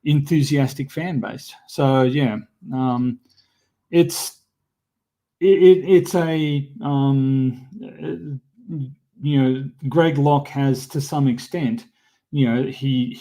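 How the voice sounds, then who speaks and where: A man talking as a livestream guest in a measured way, pausing often with ums. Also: mid-range voice, fairly even intonation, dark tone. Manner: slow and measured, many ums. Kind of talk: casual discussion.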